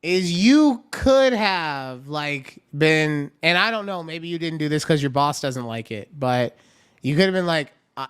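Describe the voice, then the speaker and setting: A man's voice: a little high, animated, measured pace, fairly bright tone, clean tone. A man co-hosting a podcast in casual chat, reacting with jokes, swearing and acting out exaggerated quotes. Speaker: podcast co-host.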